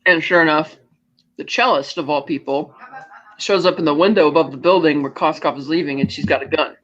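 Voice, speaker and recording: Higher-voiced man recapping a film. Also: a bit bright. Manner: retells scenes with quick offhand character voices. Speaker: podcast co-host. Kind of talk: casual movie recap chat. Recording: dull lo-fi audio.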